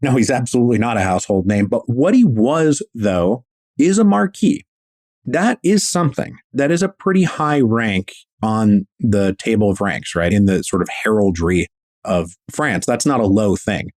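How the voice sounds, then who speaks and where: Lively low-voiced man telling history. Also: moderate pace, no echo. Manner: enthusiastic, slangy, acts out quotes. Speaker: guest historian. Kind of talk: casual storytelling interview.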